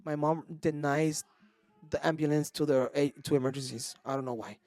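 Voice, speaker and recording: A man, a podcast co-host telling a story in animated casual chat and mixing Spanish into his English. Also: fairly high pitch, normal speed, faint music behind. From Mexico.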